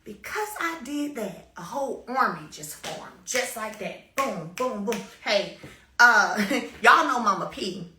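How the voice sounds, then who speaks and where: A woman's voice: a little high, animated, slow pace, bright, forceful tone, echoey room, a little hiss or hum. A woman shares a personal story with her followers in an emphatic, repetitive way, with sudden bursts of energy. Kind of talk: casual spoken testimony to followers.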